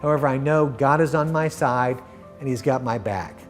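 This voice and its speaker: A middle-aged man telling his personal faith testimony in an earnest, heartfelt way, often dropping to a soft hush at the end of a thought. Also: medium pitch, normal speed, soft background music. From Florida. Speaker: guest sharing his testimony.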